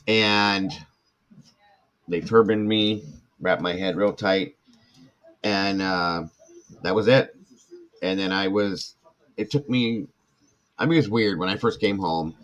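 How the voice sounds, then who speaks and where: Chatting casually on his podcast, an older man with a low-pitched, slightly bright voice spins a long story from his own life. He meanders and acts out other people's words in character.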